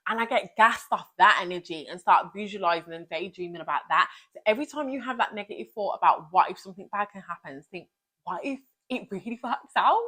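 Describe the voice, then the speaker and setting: A young woman, a vlogger and teacher, giving a motivational talk to camera in an energetic, emphatic way, often repeating key phrases. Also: medium pitch.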